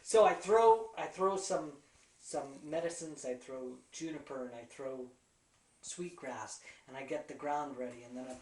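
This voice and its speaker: A woman telling a personal story aloud, animated, breaking into sound effects and chanted drum beats. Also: very deep voice, measured pace, distant mic. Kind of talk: spoken storytelling. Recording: roomy sound from off mic.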